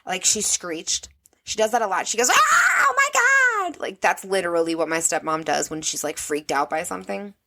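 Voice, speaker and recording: A woman's voice: on the low side, a little fast, creaky, shouting, noisy background. A woman from the American Midwest hosting a podcast, telling a personal story in a candid, casual way, swearing freely with wry asides. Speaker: podcast host.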